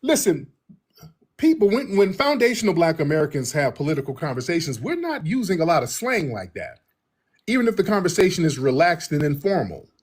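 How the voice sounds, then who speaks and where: A man giving political reaction commentary in an emphatic, animated way, often repeating himself for effect. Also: a little high, fairly quick, husky.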